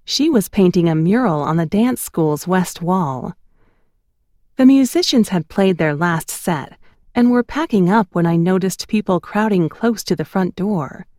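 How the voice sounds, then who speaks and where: A woman narrating her memoir in an expressive, storytelling cadence on a close studio mic. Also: on the low side, measured pace, no room sound.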